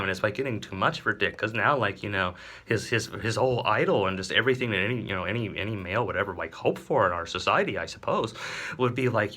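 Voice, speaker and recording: A man with a bright, sharp voice tells an absurd comic tale. He rambles and halts, fills the gaps with fillers, and sometimes sinks to a whisper. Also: fairly low pitch. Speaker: comedian.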